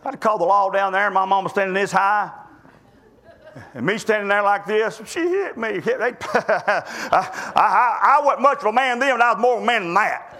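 Man, preacher, very high voice, folksy sermon, stammering restarts. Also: fast talker, bright, forceful tone. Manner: folksy storytelling with repeated restarts.

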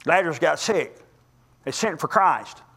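A male preacher delivering a sermon, telling stories in a folksy, impassioned way that swings between loud climbs and quiet drops. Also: fairly high pitch, animated, measured pace, breathy edge. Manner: impassioned, folksy storytelling with sudden rises and drops.

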